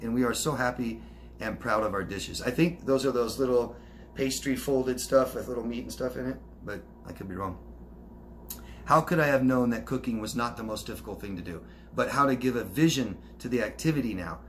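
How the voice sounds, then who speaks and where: A man's voice: mid-range voice, slight background noise. Chatty man answering viewer questions. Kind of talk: casual solo Q&A, reading out comments.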